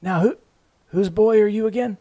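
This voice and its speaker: A man's voice: high voice, moderate pace, dark tone, no echo, voice pushed up, close to an everyday voice. A man doing a frail, quavering old grandmother. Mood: confused. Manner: quavering, bewildered. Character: frail confused elderly grandmother, quivering.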